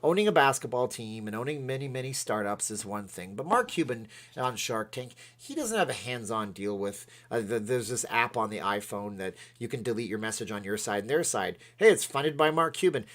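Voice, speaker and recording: A man hosting a casual livestream, rambling and excitable as he reads out chat comments. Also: on the low side, brisk, few pauses. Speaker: livestream host.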